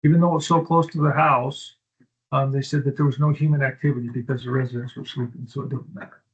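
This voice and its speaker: A man's voice: medium pitch, fairly even intonation, fast talker, highs cut off. A man giving a county supervisor's report at a board meeting, blunt and exasperated in his complaints.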